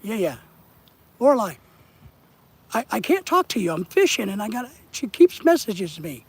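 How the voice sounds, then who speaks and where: A man with a husky voice chatting casually with his viewers on a live stream while he fishes outdoors. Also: high voice, very animated, moderate pace. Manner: rambling, chatty, addresses viewers in chat. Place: outdoors, fishing.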